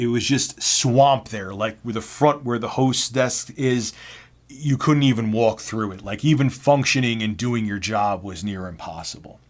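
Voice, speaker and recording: A man telling personal work stories to camera in a casual, blunt, self-deprecating way. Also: mid-range voice. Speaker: vlogger. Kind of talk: casual storytelling.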